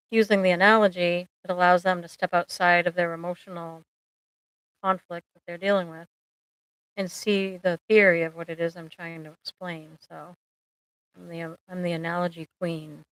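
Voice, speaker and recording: A middle-aged woman therapist talks on a live stream in a loose, joking, rambling way, full of ums. Her voice sits fairly low and sounds smooth and resonant. The close mic is dry, with no room sound. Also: flat delivery, normal speed, pauses often, no room sound, low-quality recording. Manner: chatty, rambling, humorous, many ums. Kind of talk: casual live-stream chat.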